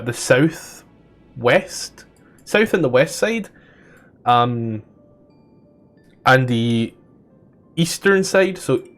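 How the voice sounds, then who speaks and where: A male game master runs a tabletop session and describes the scenes casually. He rambles, stalls, and swears when he loses his train of thought. Faint music plays underneath. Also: mid-range voice.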